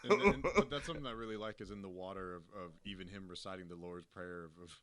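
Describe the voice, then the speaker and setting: A man co-hosting a casual movie review chat, speaking quietly and thoughtfully as he analyzes a character's choices. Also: deep voice, fast. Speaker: co-host of a film review show. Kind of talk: casual spoilery movie discussion.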